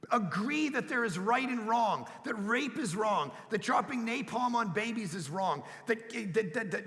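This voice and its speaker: A middle-aged man preaching a sermon, telling family stories and breaking into shouts as he acts out his kids. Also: high-pitched, gravelly. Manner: storytelling preacher, bursts into shouting when acting out kids. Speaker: pastor. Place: church hall. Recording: long reverb of a church hall.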